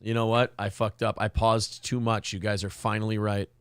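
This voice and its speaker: A man's voice: on the low side, flat delivery, normal speed, very noisy. A man hosting a live show, chatting casually with crude jokes and rambling asides. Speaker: host. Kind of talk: casual live-stream commentary.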